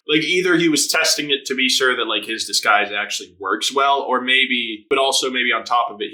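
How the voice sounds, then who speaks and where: Medium in pitch, his voice comes across pushed and bright. He's an anime reaction host who chats informally, laughs a lot, curses, and plays out the characters' dialogue.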